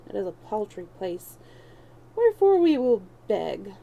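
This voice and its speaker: A woman's voice: mid-range voice, very animated, unhurried, vocal fry, phone-quality sound. Hugo, a woman doing a crafty young beggar. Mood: scheming. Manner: scheming, mocking archaic speech. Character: young male street beggar and thief, crafty.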